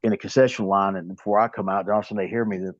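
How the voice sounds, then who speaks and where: A man's voice: lowish voice, steady tone, rapid-fire, no room sound. A man in his fifties with a Southern US accent, a pro wrestler telling rambling stories as an interview guest. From American South. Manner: rambling storytelling with many restarts. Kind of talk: casual interview talk. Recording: dull lo-fi, dry sound.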